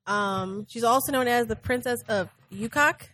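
A woman's voice: fairly high pitch, normal speed, fairly bright tone. A woman hosting a history podcast live in a bar, hesitant with many ums and frequent laughs.

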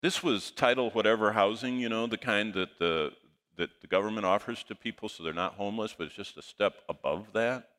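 Low-voiced preacher man with a bright edge. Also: a little fast. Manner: animated anecdote, quotes dialogue in lively voices. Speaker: pastor. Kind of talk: sermon storytelling.

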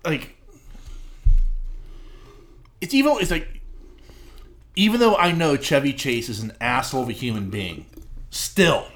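A man's voice: mid-range voice, lively intonation, measured pace, pauses often, a bit bright. A man co-hosting a podcast, mostly giving short agreeing replies and then talking up his own opinions in casual chat. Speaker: podcast co-host.

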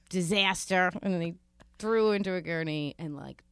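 A woman with a New York accent, a guest author telling animated stories in casual podcast conversation and swearing freely. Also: fairly low pitch, normal speed, clean tone, no echo, clean studio sound. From New York, Queens. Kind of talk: casual storytelling chat.

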